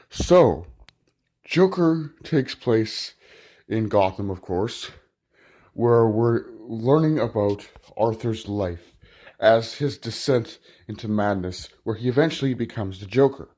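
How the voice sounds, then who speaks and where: A man's voice: fairly low pitch, expressive, takes it slowly, mellow. A man giving a casual spoken film review, rambling and often restarting with "like".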